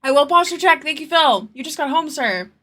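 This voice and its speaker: Chatty woman streaming her art, highish voice that bounces around a lot, stutters a bit. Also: expressive, fairly quick, bright, forceful tone. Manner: chatty, thanks viewers and answers chat; stutters at times. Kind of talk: casual live-stream chat.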